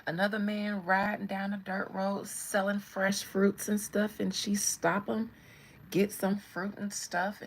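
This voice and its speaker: Chatty woman with a gravelly edge. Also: mid-range voice, a little slow, rough recording. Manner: animated, chatty, laughs often, addresses viewers directly. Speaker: channel host. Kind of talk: casual celebrity commentary.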